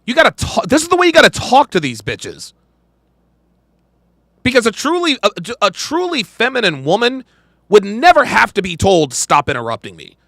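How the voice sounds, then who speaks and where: A man's voice: extremely high pitch, wildly swooping pitch, moderate pace, fairly bright tone, no echo. A man hosting a podcast, reacting to a clip in emphatic, profane commentary and repeating his points.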